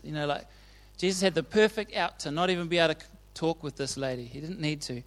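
Casual male preacher, slightly high voice, chatty, keeps asking the room "right?". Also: fast talker, few pauses, fairly bright tone. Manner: chatty and informal, often checks in with the audience. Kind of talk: casual sermon retelling Bible stories.

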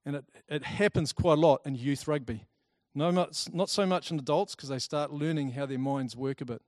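A man giving a talk to a live audience, lively and chatty, telling personal stories and acting out the people in them. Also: fairly high pitch, moderate pace, no room sound, studio quality. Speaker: speaker presenting to a group.

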